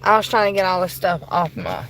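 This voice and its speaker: A woman livestreaming a ghost investigation from her car on a phone, politely addressing spirits and bursting into excitement. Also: fairly low pitch, fairly quick, background noise. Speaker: paranormal livestreamer. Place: inside a car.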